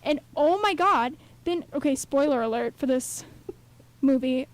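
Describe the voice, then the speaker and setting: High-voiced woman ranting on college radio. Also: unhurried. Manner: animated, rambling rant with many fillers. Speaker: radio co-host. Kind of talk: casual radio chat.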